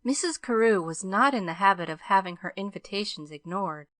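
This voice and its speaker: A woman reading an audiobook aloud in measured, even scripted narration. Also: medium pitch, dry recording, studio quality.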